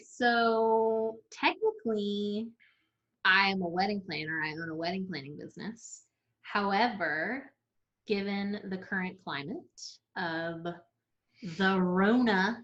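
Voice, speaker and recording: A woman in her thirties talks in an unhurried, easygoing way, giggling and trailing off between her thoughts. Her voice sits at an ordinary middle pitch. It is recorded in a roomy space with a noticeable echo. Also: a bit bright, dull audio. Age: 30s. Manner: chatty and giggly, trailing off with filler words. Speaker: vlog host being interviewed. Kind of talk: casual chat.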